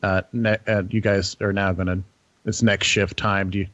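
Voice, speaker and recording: Rambling young game master, lo-fi. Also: male voice, deep voice, moderate pace, dry recording. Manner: relaxed, rambling, many fillers and restarts. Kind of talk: narrating a tabletop game. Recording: dull dry lo-fi audio.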